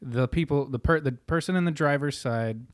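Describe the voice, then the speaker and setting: A man's voice: medium pitch, normal speed, no room sound, studio quality. A young adult man telling a rambling, profane story in casual chat. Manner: rambling, profane, animated retelling.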